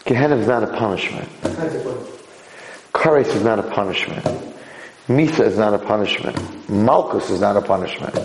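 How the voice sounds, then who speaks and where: Gravelly-voiced man lecturing in an echoey hall. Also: slight background noise. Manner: animated, voice leaps high for emphasis. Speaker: rabbi giving a Torah lecture. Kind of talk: Torah lecture.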